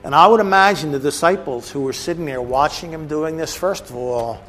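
A man's voice: a little high, a little fast, a bit bright, soft background music. A man teaching a bible class, explaining a passage with casual asides to the listeners. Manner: conversational, asides to the audience.

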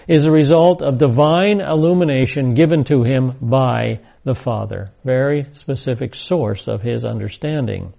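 Male Bible teacher, mellow and gravelly, deliberate and emphatic lecture delivery, muffled lo-fi recording. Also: mid-range voice. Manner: deliberate, emphatic, repeats key words.

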